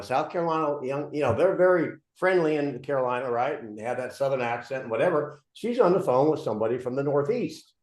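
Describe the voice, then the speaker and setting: A man coaching agents in a training session, telling animated stories with lots of restarts. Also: medium pitch. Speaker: real estate coach. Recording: roomy room echo.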